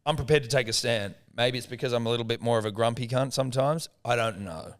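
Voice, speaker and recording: A young Australian man co-hosting a casual comedy podcast, telling animated, profane stories and acting out the people in them. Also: mid-range voice, fast talker. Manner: animated, profane storytelling with acted quotes. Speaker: podcast co-host.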